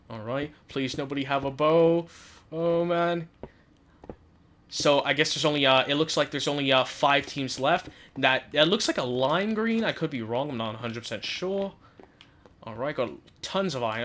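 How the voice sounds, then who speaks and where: A man giving live commentary over his own gameplay, talking to himself and getting loud and giggly when things go wrong. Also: mid-range voice. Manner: excitable, talks to himself, yells and laughs under pressure. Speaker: gaming YouTuber.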